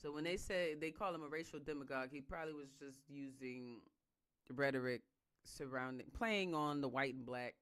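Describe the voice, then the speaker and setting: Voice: medium pitch, normal speed, clear, resonant tone. A person reading a history book aloud and stopping often for emphatic, slangy commentary. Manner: calm reading that breaks into heated, emphatic asides; casual slangy speech in the asides.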